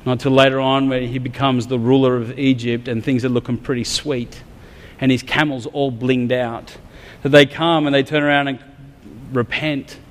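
A man's voice: mid-range voice, level tone, moderate pace. An Australian man preaching a sermon, talking candidly and conversationally with some humor. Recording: long reverb of a large hall.

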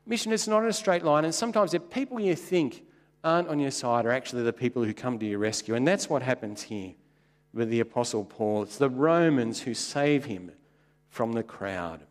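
A man preaching a sermon as a pastor, telling wry anecdotes and jumping up in pitch for emphasis. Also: normal speed, big-room sound. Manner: wry, anecdotal storytelling with sudden jumps in pitch.

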